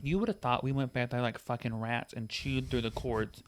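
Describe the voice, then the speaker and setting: A young adult man co-hosting a podcast, ranting in casual chat with an animated, sarcastic-sounding delivery. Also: medium pitch, normal speed. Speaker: podcast co-host.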